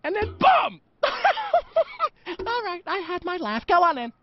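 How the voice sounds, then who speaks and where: A belligerent cartoon robot doorman, cackling and teasing, very high voice, slow drawling delivery, over loud music. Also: huge pitch swings, lo-fi sound, very noisy, exaggerated voice.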